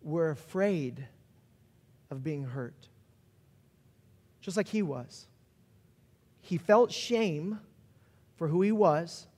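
A man's voice: on the high side, animated, drawn-out words, long pauses. Man preaching in a reverberant hall. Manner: storytelling, varies pace, builds to shouts. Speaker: pastor. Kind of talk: sermon.

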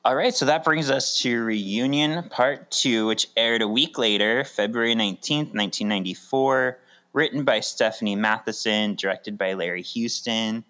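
A man with a medium-pitched voice co-hosts a casual podcast at a moderate pace. He chats with an animated delivery and laughs often.

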